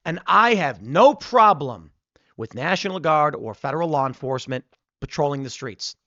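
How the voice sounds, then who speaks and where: A man's voice: on the high side, animated, moderate pace, fairly bright tone, dry recording, dull audio. A middle-aged man from Chicago with a Chicago accent, hosting a political commentary show and telling rambling stories. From United States. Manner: rambling storytelling, acts out quotes.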